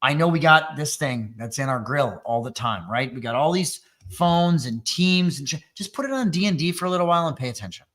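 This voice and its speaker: Man, webinar host, bright voice, slightly high pitch, joking, rambling. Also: expressive, a little fast, hardly any pauses. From Wisconsin. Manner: loose, joking, rambling with fillers. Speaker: webinar host and MSP coach. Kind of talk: energetic webinar talk.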